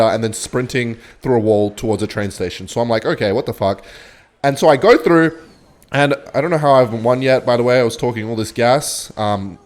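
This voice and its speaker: A young man with a London accent, casually telling a comic, swearing story while playing a game, with quick jumps in his voice. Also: mid-range voice. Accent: London English. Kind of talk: casual storytelling over gameplay.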